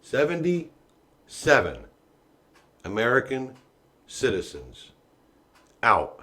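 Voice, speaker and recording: A man hosting a political podcast, talking in a profane ranting style that swings from quiet muttering to loud shouting. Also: mid-range voice, huge pitch swings, takes it slowly. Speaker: podcast host. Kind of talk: political commentary rant.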